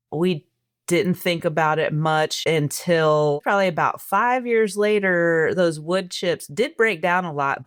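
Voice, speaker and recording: A woman with a fairly low voice chats as a guest farmer, telling long stories and laughing often. The sound is dry and close, with no room around it. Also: no echo. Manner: chatty storyteller who laughs often. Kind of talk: casual podcast conversation.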